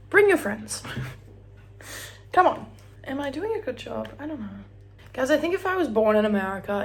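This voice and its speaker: A young woman in her twenties with an Australian accent, chatting casually while straightening her hair at home, often dropping to a near whisper. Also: on the high side. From Australia (Brisbane). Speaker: vlogger. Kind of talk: casual get-ready-with-me chat.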